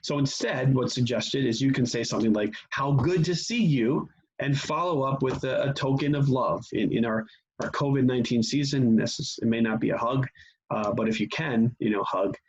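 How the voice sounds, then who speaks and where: A man teaching a church class on grief in a conversational manner, often pausing with fillers and restarting his sentences. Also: mid-range voice, a little hiss or hum. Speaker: pastor. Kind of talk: teaching session. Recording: dull lo-fi sound.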